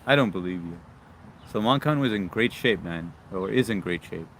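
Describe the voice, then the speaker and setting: A man's voice: low voice, lively intonation, moderate pace, fairly bright tone, slight background noise. A man hosting a casual live stream outdoors, reading viewer comments aloud and chatting in a laid-back way. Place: outdoors near a yard with brush.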